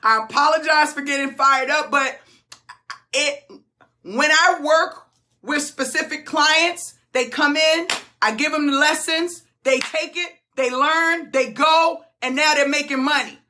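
A woman, a business coach giving a fired-up, tearful motivational talk on a group call, often shouting and repeating herself. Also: high-pitched, a little slow.

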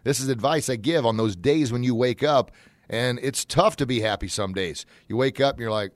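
A man of middle pitch hosts his own motivational show, talking in a folksy, energetic way. He jumps into loud, excited bursts when he acts things out. The sound is dry and close, with no room around it. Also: normal speed, no room sound. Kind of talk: upbeat motivational monologue.

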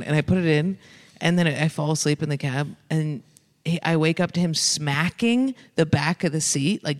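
A man telling quick, animated anecdotes in casual chat, acting out the dialogue. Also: on the high side, big-room sound.

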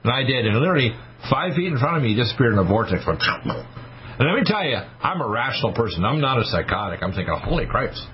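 A man's voice: mid-range voice, sing-song, quick pace. A man in his sixties hosting a radio talk show, telling stories emphatically and acting out the voices of people he quotes. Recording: slightly muffled radio broadcast with faint noise.

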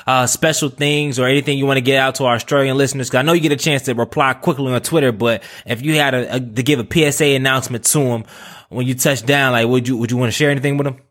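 Talking fast in a medium-pitched, fairly bright voice with fairly even intonation, this man runs a casual podcast. His eager, friendly style includes stammered restarts, repeated words, and calling the guest "man" and "bruh".

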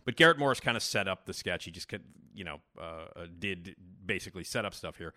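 A man's voice: deep voice, lively intonation, quick pace, pushed and bright. A male podcast host giving rambling casual commentary with lots of fillers.

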